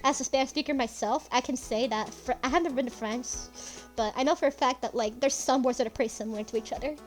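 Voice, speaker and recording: Chatty high-voiced woman gamer. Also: fast talker, faint music behind. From Puerto Rico. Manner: giggly, chatty, swears casually. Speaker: let's player. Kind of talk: casual gaming commentary.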